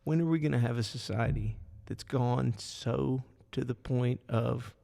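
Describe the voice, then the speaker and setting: A man co-hosting a casual podcast chat, talking in a rambling, animated way with lots of fillers. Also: mid-range voice, unhurried, vocal fry. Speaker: podcast co-host. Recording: echoey room with long reverb.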